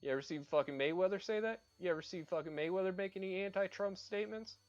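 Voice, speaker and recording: A man's voice: high-pitched, quick pace, highs cut off, faint music behind. A man chatting casually while he paints on a livestream, ranting and swearing freely as he rambles from one opinion to the next.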